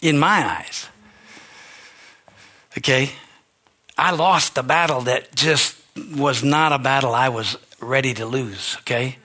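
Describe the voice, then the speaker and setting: An older man, a pastor, preaching an earnest, emotional sermon that swings from quiet to shouting. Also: mid-range voice, slow pace, pauses often.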